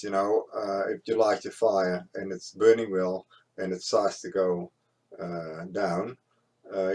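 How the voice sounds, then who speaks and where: Man, lowish voice, plain explanatory tone, hesitant fillers. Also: a little mellow. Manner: plain, explanatory, with frequent uh pauses. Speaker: instructor. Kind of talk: practical demonstration.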